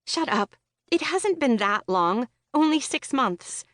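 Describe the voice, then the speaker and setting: A woman's voice: sits high, lively intonation, takes it slowly, a bit bright, no room sound, studio quality, pitched above the performer's own voice, heavily acted. A woman voicing an awkward, self-conscious young woman gamer who speaks earnestly and flustered, in an audiobook.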